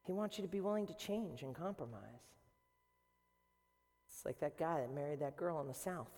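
Boston pastor preaching, bit high voice, acts out the quotes, long echo in a big church hall. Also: male voice, animated, normal speed, pauses often, darkish tone. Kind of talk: sermon. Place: church sanctuary.

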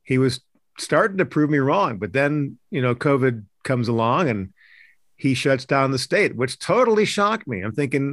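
A man's voice: medium pitch, big pitch swings, normal speed, a bit bright, no room sound, clean studio sound. A man hosting a political talk podcast, talking emphatically and indignantly with frequent restarts. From Idaho. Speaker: podcast host, news editor.

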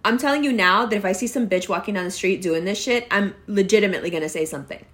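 A woman's voice: mid-range voice, quick pace, a bit bright. A woman ranting to camera, blunt and confrontational, with heavy profanity. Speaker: vlogger. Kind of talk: angry rant to camera.

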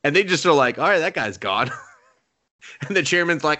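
Bright-voiced young man, animated and profane. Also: fairly high pitch, a little fast, pauses often. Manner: animated, profane, acts out characters' lines. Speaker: podcast co-host. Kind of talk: casual anime recap chat.

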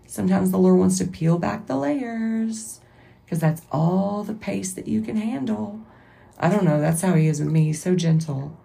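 A woman's voice: mid-range voice, moderate pace, vocal fry, dark tone. A woman, hosting a podcast as a rambling, self-correcting, emotional faith-based monologue. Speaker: podcast host.

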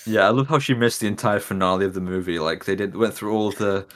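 A man co-hosting a podcast, relaxed and easygoing in casual chat. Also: fairly low pitch, fast talker. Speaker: podcast co-host.

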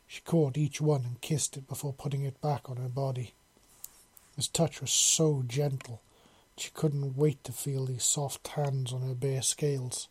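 A man narrating a storybook chapter in a calm, unhurried, even way. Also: mid-range voice, breathy edge. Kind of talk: storybook reading.

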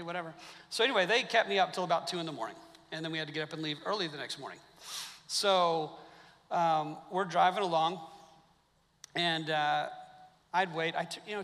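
A man preaching a sermon, telling stories and acting out the quotes in a jokey, animated way. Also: on the high side, big-room sound. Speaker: pastor. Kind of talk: sermon with storytelling. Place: church sanctuary.

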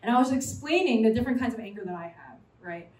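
High-voiced young woman preaching from afar. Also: fast. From New York City. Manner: animated, chatty, jokes with the audience. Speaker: preacher at a college fellowship. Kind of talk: sermon. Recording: roomy sound from a distant mic.

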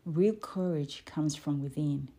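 Woman reading her kids' book, slow, warm mellow husky voice. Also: sits low. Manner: slow, deliberate storytelling with small restarts.

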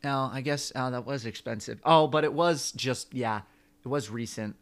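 A young man co-hosting a podcast, telling a long story in an animated, rambling way. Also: medium pitch, moderate pace. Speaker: podcast co-host. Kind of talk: casual chat.

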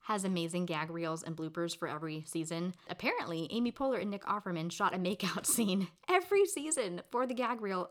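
A woman's voice: medium pitch, lively intonation, fairly quick, few pauses, a bit bright. A woman co-hosting a podcast in casual chat, upbeat and giggly, leading the segments. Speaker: podcast co-host.

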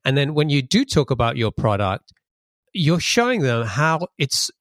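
Steady male podcast host, dry sound. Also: medium pitch, normal speed, dry recording. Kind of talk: conversational interview.

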